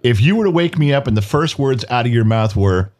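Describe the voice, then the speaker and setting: A middle-aged man co-hosting a podcast with his wife, talking casually and acting out quotes. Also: a little fast. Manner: animated, acts out quotes in a high voice. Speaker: podcast co-host. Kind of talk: casual chat. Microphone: studio mic.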